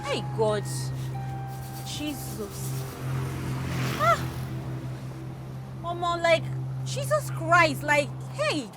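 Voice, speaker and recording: Fussy passenger. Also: female voice, fairly high pitch, big pitch swings, normal speed. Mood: disgusted. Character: fussy young woman passenger. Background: background music.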